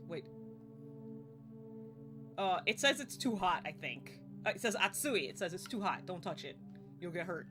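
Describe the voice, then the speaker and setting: A young woman streaming a game live, chatting excitably, laughing and swearing casually as she plays. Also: mid-range voice. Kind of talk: live gameplay commentary. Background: faint game music.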